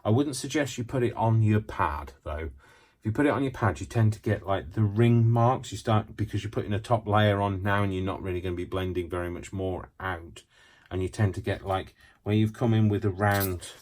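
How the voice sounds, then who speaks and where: A man's voice: fairly low pitch, a little fast, few pauses, a little mellow. A man hosting a casual craft demonstration, chatty and rambling, with self-mocking asides. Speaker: craft tutorial host.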